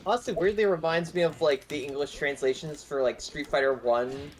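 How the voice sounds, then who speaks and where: Male streamer, slightly high voice, quick rambling game chat with friends. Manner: quick, rambling, filler-heavy. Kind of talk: casual chat.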